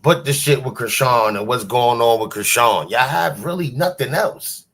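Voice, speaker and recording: A man's voice: medium pitch, moderate pace, fairly bright tone. A man hosting a livestream, giving casual, dismissive commentary. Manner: dismissive, mocking, loose. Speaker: livestream host.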